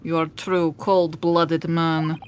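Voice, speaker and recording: Woman doing a hulking Russian heavy, put-on Eastern European accent, broken English, slow delivery, game voice. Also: low-pitched, flat delivery, very noisy, pitched below the performer's own voice. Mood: menacing. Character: big cold-blooded Russian man, menacing.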